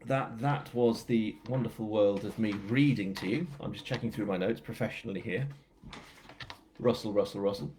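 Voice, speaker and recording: A man's voice: fairly low pitch, moderate pace, darkish tone, a little hiss or hum. A man with a northern English accent, an author chatting casually and telling a story at a live book launch, rambling with self-mocking asides. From England.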